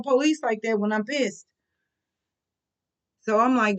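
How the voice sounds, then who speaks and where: A middle-aged woman telling a personal story in an animated, emphatic, colloquial way. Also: a little high, a little slow. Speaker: vlogger.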